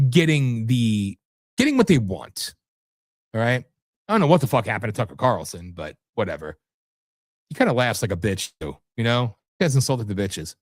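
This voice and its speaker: A man's voice: lowish voice, dry recording, clean studio sound. Combative, profane talk show host man. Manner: rambling, profane, combative, jumps between topics. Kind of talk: live political talk show rant.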